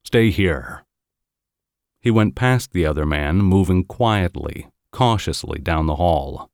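A man narrating an audiobook in a measured, even storytelling manner. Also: sits low, creaky, dry recording, clean studio sound.

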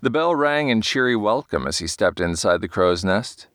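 A man narrating an audiobook in a measured storytelling manner. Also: on the low side, lively intonation, fairly bright tone, dry recording, studio quality. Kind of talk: scripted narration.

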